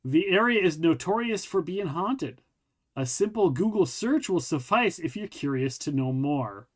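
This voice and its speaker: A man's voice: sits high, expressive, a little slow. Rambling, jokey male podcast host. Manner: rambling, jokey, swears freely. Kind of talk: casual chat reading articles aloud.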